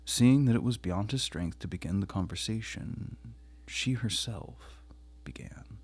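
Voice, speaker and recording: Male audiobook narrator; husky, low, measured classic-novel reading. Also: a little mellow, no echo. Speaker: audiobook reader.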